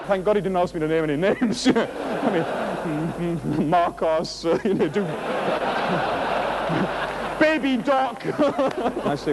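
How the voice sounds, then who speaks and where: A man, a motivational speaker, giving a jokey, animated speech to an audience, full of rhetorical questions and laughing at his own stories. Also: sits high, measured pace, long pauses, a little hiss or hum, poor audio. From England.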